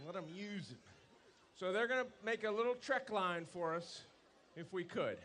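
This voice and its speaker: A man's voice: high voice, moderate pace, a bit bright. A man emceeing an outdoor ceremony, upbeat, calling out instructions and thanks to a crowd. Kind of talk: crowd announcing over a PA.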